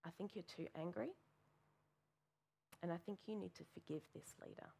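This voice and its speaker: A woman quoting her mother in a sermon, voicing a gentle, caring woman who speaks softly and calmly. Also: medium pitch, unhurried. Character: gentle, caring mother, calm and soft-spoken.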